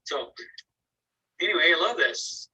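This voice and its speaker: A man's voice: on the high side, lively intonation, a little slow, pushed and bright, slightly rough, far from the mic, rough recording. A man teaching an online painting class, giving casual, encouraging critiques of students' work and thinking aloud as he goes. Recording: voice from away from the mic.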